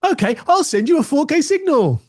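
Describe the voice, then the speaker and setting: A man's voice: very high-pitched, very animated, brisk, a little mellow, no room sound, clean studio sound, pitched above the performer's own voice. A man voicing a chirpy male computer that eagerly chats with a screen while explaining tech.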